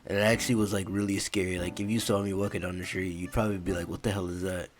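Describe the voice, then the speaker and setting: A man's voice: low voice, level tone, rapid-fire, soft background music. A young man narrating a casual story in a laid-back, profane way, full of fillers.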